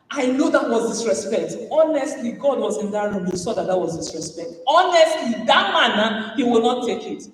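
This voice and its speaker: Animated Nigerian woman in an echoey hall. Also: on the high side, moderate pace, hardly any pauses, distant mic. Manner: animated, acts out dialogues with Pidgin asides. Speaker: conference speaker. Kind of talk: motivational keynote talk.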